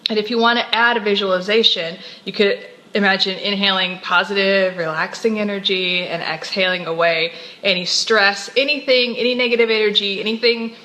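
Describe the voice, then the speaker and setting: A woman's voice: mid-range voice, steady tone, a little fast, bright, forceful tone, poor audio. A woman co-hosting a live wellness show, a yoga teacher talking in a bubbly, chatty way. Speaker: co-host, integrative health practitioner and yoga teacher. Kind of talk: casual live show chat.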